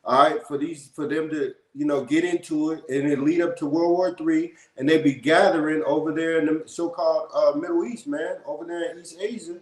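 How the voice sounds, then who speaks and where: A man's voice: fairly high pitch, fairly even intonation, a little fast, hardly any pauses, a little mellow. A man co-teaching scripture who reads verses and tags lines with "man". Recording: echoey room.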